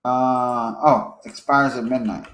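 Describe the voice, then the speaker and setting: A man giving a casual screen-share software tutorial, thinking aloud as he edits and checking in with "okay?". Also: medium pitch, steady tone, slow pace, echoey room, slight background noise, poor audio. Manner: casual, thinks aloud while editing, frequent fillers and "okay?" check-ins. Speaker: software trainer.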